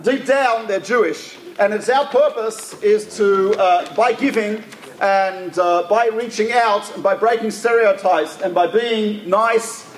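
A man with an Australian accent, a rabbi telling anecdotes in a lively religious talk, often restarting his sentences. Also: high voice, measured pace, echoey room, a little hiss or hum. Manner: animated anecdotal storytelling with restarts.

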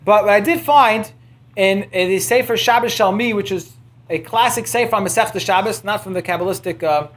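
Brisk and fairly bright in tone, this high-voiced man leads a Torah lecture built on printed sources. He reads out Hebrew quotations, translates them, and restarts himself often.

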